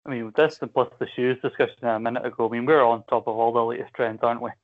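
A man's voice: mid-range voice, fairly even intonation, quick pace. A Scottish man co-hosting a casual wrestling chat over a call, talking in a chatty, dry, teasing way. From Scotland. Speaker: podcast co-host. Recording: tinny phone-like call audio.

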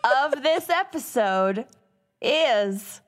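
Slow, lively woman podcaster. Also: high voice. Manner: playful, laughs often. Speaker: podcast co-host. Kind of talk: casual chat.

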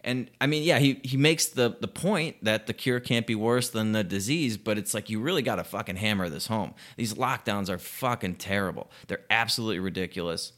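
A man's voice: lowish voice, a bit bright. A young man ranting about politics in casual, profane talk, sarcastic and laughing between sentences. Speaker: political commentator.

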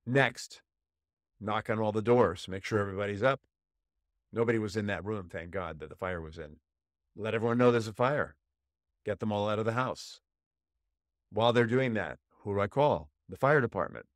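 A man hosting a podcast, telling a personal story and coaching listeners, shifting from low quiet tones to raised, heated voices when acting out emotions. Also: normal speed, pauses often, no room sound, clean studio sound. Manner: storytelling, acts out inner voices with rising pitch; drops to a low quiet voice for calm moments. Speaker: podcast host. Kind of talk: coaching monologue.

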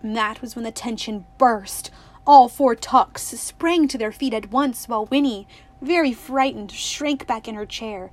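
A woman narrating a novel in steady, expressive audiobook style. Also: fairly high pitch, a little slow.

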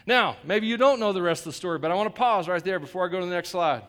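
A man's voice: high voice, lively intonation, very fast, hardly any pauses, a bit bright. A male pastor preaching a sermon in a conversational way, with joking asides and emphatic repetition.

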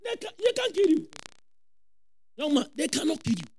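High, animated Ghanaian preacher man. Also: normal speed, a little hiss or hum, low-quality recording. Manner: animated, repeats phrases, shouts for emphasis. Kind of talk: lively sermon.

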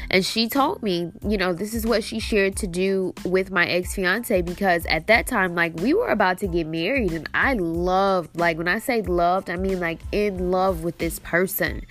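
A woman's voice: on the low side, fairly bright tone. A young adult woman hosting a podcast, giving an emotional faith-based testimony in a teary, earnest voice with lots of "like". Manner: emotional, earnest, heavy use of "like". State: teary, sniffling. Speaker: podcast host.

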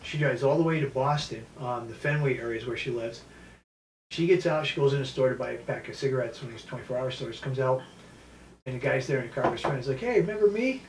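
A fast-talking, medium-pitched man from New tells stories as a martial arts instructor in a casual interview. He's an animated storyteller who often acts out quotes, recorded in an echoey room with a distant mic and slight background noise.

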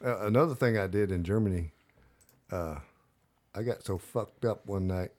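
A Southern-accented man from North Carolina tells stories in a relaxed podcast chat. His voice sits fairly low, and he wanders through his stories with lots of "uh" and false starts. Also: normal speed. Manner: rambling storyteller, many fillers and restarts. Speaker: podcast guest, army veteran.

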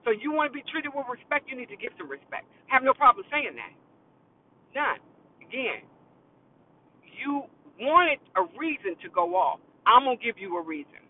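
A man's voice: extremely high pitch, very animated, normal speed, a little hiss or hum. A man who works in retail tells a story about a customer in a firm, emphatic way and repeats his key phrases. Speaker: retail worker telling a work story. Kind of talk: casual storytelling rant to camera. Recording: tinny phone-like sound.

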